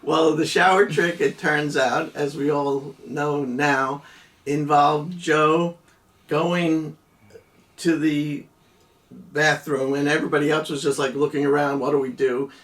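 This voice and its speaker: A man's voice: a little high, steady tone, takes it slowly, fairly bright tone, distant mic. Rambling middle-aged man telling old stories. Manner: rambling with restarts and laughs, acts out quotes. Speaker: podcast co-host. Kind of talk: casual storytelling chat.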